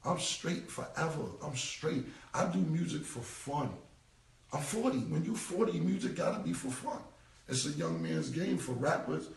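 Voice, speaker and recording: A man's voice: medium pitch, vocal fry, darkish tone, echoey room, distant mic. A man in his forties with a New York accent, ranting bluntly in street slang and cursing on a casual live stream. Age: 40s. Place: indoor room, live stream. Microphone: phone mic.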